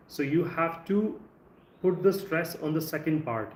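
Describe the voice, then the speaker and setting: A man with an Indian English accent teaching English in a live stream, speaking conversationally and drawing out words slowly to show word stress. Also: on the high side, animated. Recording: echoey room with faint ambient noise.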